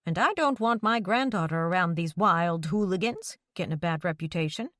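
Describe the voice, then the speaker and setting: A woman's voice: on the low side, animated, normal speed, fairly bright tone, no room sound, clean studio sound. A woman voicing a stubborn, meddling older mother who scolds her grown son about the town's gossip. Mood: scolding. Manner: scolding, nosy, disapproving.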